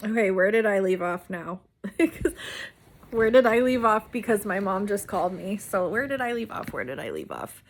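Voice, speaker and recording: A woman's voice: mid-range voice, normal speed. A woman vlogger casually telling a personal story, rambling with many "like"s and restarts.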